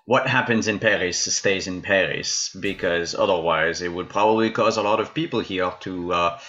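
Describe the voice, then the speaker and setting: A man playing a tabletop role-play character, speaking hesitantly with frequent pauses. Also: low-pitched, sharp tone. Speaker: player. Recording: slightly dull, lo-fi mic.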